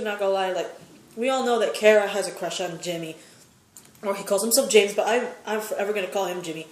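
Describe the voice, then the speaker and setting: A woman's voice: mid-range voice, quick pace, echoey room. A woman giving a casual, opinionated recap of a TV episode, rambling with many fillers. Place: sitting in a chair at home.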